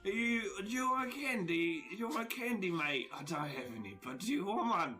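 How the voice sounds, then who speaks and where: A man voicing a huge, scarred, brutish man with a New Zealand accent, loud and boisterous, who keeps saying mate. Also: sits high, lively intonation, a little fast, faint music behind, voice pushed up.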